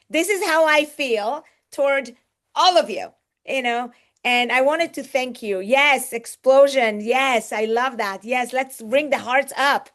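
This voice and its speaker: Lady on a zoom call, bit high voice, gushing over chat comments, middle-aged host. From Israel. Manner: effusive, exclamatory, warm thanks to each commenter. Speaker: host of an online book launch. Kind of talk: live video-call event, reading out chat comments. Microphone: video call.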